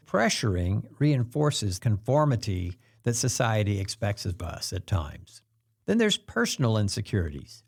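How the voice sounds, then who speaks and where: A man hosting a self-help talk, explaining things in a calm way and acting out the quoted pressure lines. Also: lowish voice, unhurried, creaky, breathy edge. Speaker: host.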